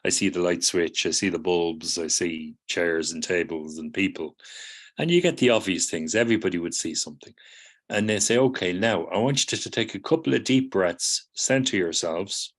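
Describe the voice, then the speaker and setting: At normal speed, a middle-aged man with a low, fairly bright voice explains material patiently to psychotherapy students. Frequent "do you see?" check-ins mark his lecture, along with acted-out replies in students' voices.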